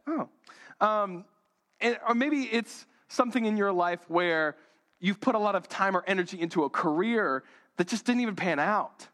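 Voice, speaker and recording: A man's voice: high voice, animated, moderate pace, fairly bright tone. A young man giving a sermon as a rambling personal story, talking casually with lots of fillers. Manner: rambling, conversational, many fillers. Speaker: pastor.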